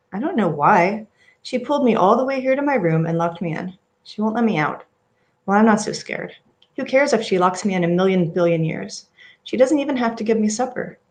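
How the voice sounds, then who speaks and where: Woman reading as a little girl, eerie, calm, flat delivery, mid-pitched. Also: natural voice. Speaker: reader. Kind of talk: dramatic reading of a horror story.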